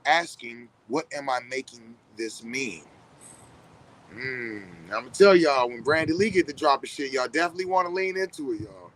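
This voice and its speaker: Brief: mid-pitched man musing to camera, loose and candid, faint hiss behind. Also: expressive, moderate pace, fairly bright tone, poor audio. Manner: conversational, addresses viewers directly, profane. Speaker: vlogger. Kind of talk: reflective casual monologue.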